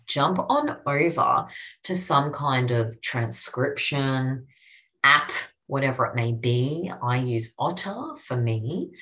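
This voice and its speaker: A woman's voice: a bass voice, fairly bright tone. A woman with an Australian accent, hosting a casual instructional podcast as a copywriting coach, talking in an upbeat, encouraging, chatty way.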